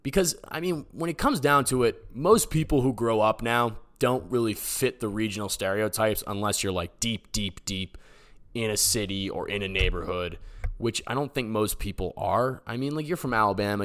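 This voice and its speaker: Speaking at a normal speed in a lowish, fairly bright voice, a Boston-area man hosts a podcast where he responds to voicemails. He's sarcastic and jokey, and he rambles with plenty of fillers.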